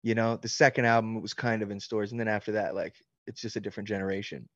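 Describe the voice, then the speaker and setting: A man's voice: fairly low pitch, little pitch movement, fast talker, dry recording, highs cut off. Candid, joking man at a book signing. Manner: candid, joking, swears freely. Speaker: author answering fan questions. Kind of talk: casual interview chat. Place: book signing, signing books while talking.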